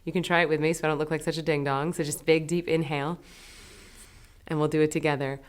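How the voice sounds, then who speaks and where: A woman teaching a meditation lesson, talking in a gentle, soothing, unhurried way. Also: deep voice, flat delivery, clear, resonant tone.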